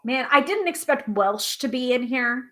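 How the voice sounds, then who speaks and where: A woman hosting a live tarot stream, chatting casually and reading aloud from a guidebook, self-deprecating and a little halting over hard names. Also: sits high, animated, sharp tone. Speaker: tarot reader and livestream host.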